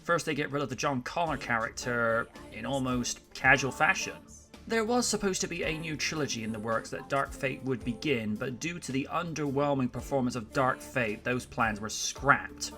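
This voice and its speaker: Filmkritiker mit trockener Erzählung. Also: male voice, mid-range voice, animated, normal speed, pushed and bright, soft background music. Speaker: film reviewer. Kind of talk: scripted review narration.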